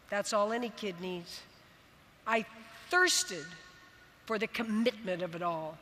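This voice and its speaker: A woman in her sixties from Florida giving a dramatic keynote speech, with long pauses and sudden bursts of emphasis. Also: mid-range voice, bright, forceful tone, a little hiss or hum. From Florida, United States. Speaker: keynote speaker. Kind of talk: motivational keynote storytelling. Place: large convention arena. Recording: long reverb of a big arena.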